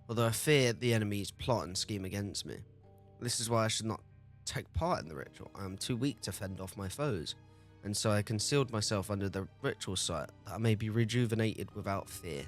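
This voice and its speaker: An age-old sorcerer creature from a fantasy game, tired of battle and speaking with stiff formality, as a man reads its lines. The voice sits low, with quiet music underneath. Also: lively intonation, brisk, close to an everyday voice. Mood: weary, solemn. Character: ancient weary male demon-like sorcerer, formal.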